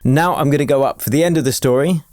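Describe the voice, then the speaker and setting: A man's voice: fairly high pitch, fast, a little mellow. Upbeat man explaining music production. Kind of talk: step-by-step tutorial. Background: faint piano and synth music.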